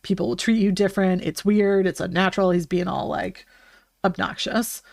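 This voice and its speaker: A young woman chatting on a live stream, her talk meandering with frequent fillers and self-corrections. Her voice sits at a middle pitch for a woman and sounds close and dry, with no room sound around it. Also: steady tone, normal speed, creaky, a little mellow, no room sound. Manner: rambling, chatty, full of fillers and restarts. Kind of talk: casual chat on a live stream.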